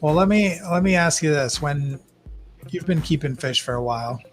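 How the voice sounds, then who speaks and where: A man's voice: a little high, normal speed, soft background music. A young man, a guest on a livestream, chatting casually and telling rambling stories with acted-out quotes. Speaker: guest shrimp breeder.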